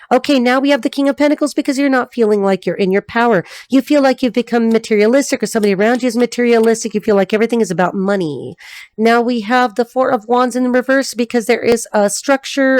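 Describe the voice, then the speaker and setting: A woman giving a tarot reading, talking in a blunt, rapid, repetitive stream of consciousness. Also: a little high, darkish tone, no room sound, clean studio sound. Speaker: tarot reader.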